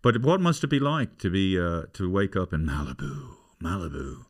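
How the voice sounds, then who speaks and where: A man's voice: sits low, moderate pace, breathy edge. A man with an Irish accent hosting a comic podcast, chatting and slipping into voices. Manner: animated, breaks into character voices. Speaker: podcast host.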